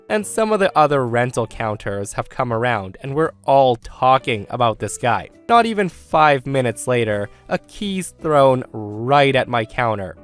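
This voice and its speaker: A man's voice: mid-range voice, a bit bright, clear, resonant tone. A man narrating a first-person workplace story in a wry, conversational way.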